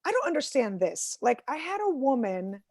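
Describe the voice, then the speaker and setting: A woman's voice: high-pitched, very animated, normal speed, a little mellow, no room sound, studio quality. A woman performing stand-up comedy over a video call, telling exasperated stories full of acted quotes. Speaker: headlining comedian.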